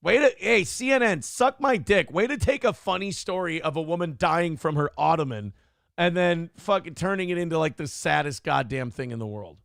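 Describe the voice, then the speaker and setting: A man co-hosts a morning show in loose, profane banter. His gravelly voice sits a bit high and swings widely as he riffs. The sound is close and dry. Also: moderate pace, no echo. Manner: profane, joking, animated riffing. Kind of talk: casual comedic banter.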